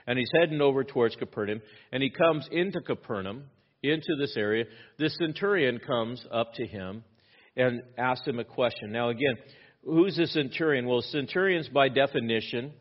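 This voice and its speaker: A man preaching a sermon, asking rhetorical questions and repeating key phrases, often dropping to a hushed, intense tone. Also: mid-range voice, lo-fi sound. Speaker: pastor.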